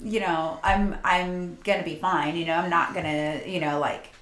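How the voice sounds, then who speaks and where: Female co-host, low voice, easygoing chat, echoey room. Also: steady tone, moderate pace, a bit bright. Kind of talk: casual chat.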